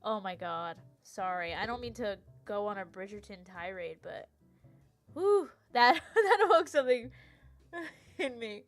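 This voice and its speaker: A woman's voice: medium pitch, lively intonation, a little slow, no room sound, soft background music. A young woman streamer chatting casually and ranting animatedly about TV shows, laughing and tripping over her words. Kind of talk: casual chat, live stream rant.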